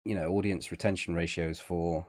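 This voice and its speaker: A man's voice: sits low, fairly even intonation, moderate pace, darkish tone. A man co-hosting a podcast, chatting casually and teasing his partner while they play a game. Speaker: podcast co-host. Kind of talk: casual chat while gaming.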